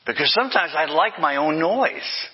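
Older guy preaching, a bit high and husky, dull lo-fi audio w long hall echo. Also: lively intonation, moderate pace. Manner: emphatic, with repeated refrains and self-corrections. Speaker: pastor. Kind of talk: sermon.

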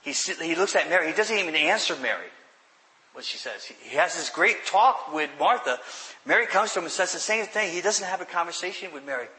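Bright-voiced preacher man teaching. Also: a little high, expressive, fairly quick, low-quality recording. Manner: earnest teaching with frequent restarts, dropping to quiet emphasis. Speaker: pastor. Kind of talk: sermon.

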